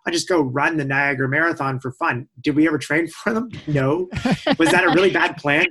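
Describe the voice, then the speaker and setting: Guest: man with a bright, forward voice, quick, self-mocking replies. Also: on the high side. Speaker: podcast guest, endurance athlete. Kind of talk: casual interview chat.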